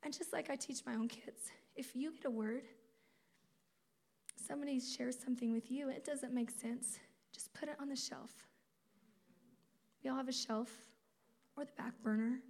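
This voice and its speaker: Woman, high voice, sermon, conversational preaching, animated delivery, acts out quotes. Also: moderate pace, long pauses. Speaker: speaker at a campus ministry conference.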